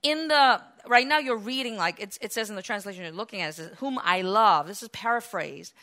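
Passionate woman preacher with a bright voice. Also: medium pitch, quick pace. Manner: emphatic, swinging from loud passionate peaks to quiet explanation. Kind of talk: sermon.

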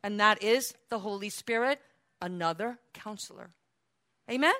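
A woman pastor preaching a sermon, dropping to quiet explaining and then rising into loud, high preaching, asking the congregation questions and calling for amens. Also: normal speed.

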